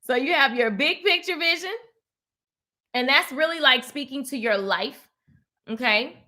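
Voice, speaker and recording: Bright, high-voiced woman preaching to viewers. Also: measured pace. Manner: animated, preachy, talks to viewers as "baby" and "honey". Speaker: host of a live motivational stream. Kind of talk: casual faith-based motivational talk.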